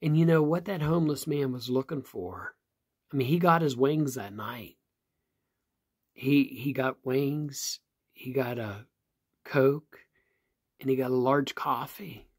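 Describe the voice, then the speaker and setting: A pastor from Virginia, telling a story in an earnest, plain-spoken way and repeating phrases for emphasis. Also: male voice, mid-range voice, slow, pauses often, slightly rough. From West Virginia. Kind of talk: storytelling sermon.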